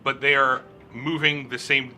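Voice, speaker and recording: A man narrating a tabletop role-playing game as game master, describing scenes in a relaxed, halting way with many fillers. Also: mid-range voice, a little hiss or hum.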